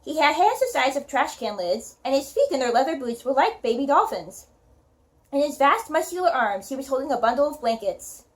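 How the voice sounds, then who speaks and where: Woman, reading a novel aloud, high voice, steady storytelling. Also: a little fast. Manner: steady storytelling, then casual sign-off with fillers. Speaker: author reading a chapter on her channel.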